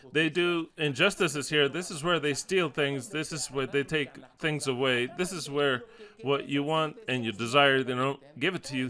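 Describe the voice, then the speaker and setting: A man's voice: mid-range voice, pushed and bright. A man preaching an informal sermon in a conversational way, often acting out what people say. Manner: conversational, acts out quoted speech with repeated lines.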